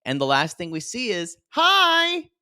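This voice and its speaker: A man chatting casually on a podcast about reality TV, gossipy and quick to laugh. His pitch swings widely as he acts out the people he talks about. The sound is dry and close. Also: very animated, a bit bright, no echo. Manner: gossipy, laughs often, mimics cast members in quotes. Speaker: podcast co-host. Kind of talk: casual chat recapping reality TV.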